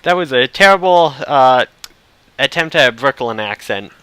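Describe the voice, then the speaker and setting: A man hosting a podcast in casual chat, animated and swearing when frustrated. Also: medium pitch, normal speed, clean tone, no room sound, rough recording. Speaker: podcast host.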